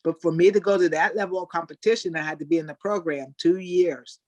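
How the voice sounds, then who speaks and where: An older woman, a Special Olympics athlete, telling animated stories in a webinar interview over a video call. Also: lowish voice, brisk, no room sound, highs cut off. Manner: animated storyteller, acts out quoted people. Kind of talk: storytelling in an interview.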